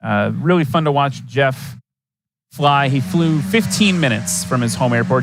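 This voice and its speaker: A man's voice: mid-range voice, a little slow, noisy background. A man from Wisconsin giving chatty, enthusiastic live commentary at an aviation competition, with folksy asides. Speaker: event commentator.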